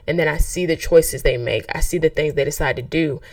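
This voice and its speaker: A young adult woman hosting a faith podcast, talking in a lively, conversational way and acting out quoted voices. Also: sits low, a little fast, few pauses, no room sound, distant mic. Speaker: podcast host; track coach.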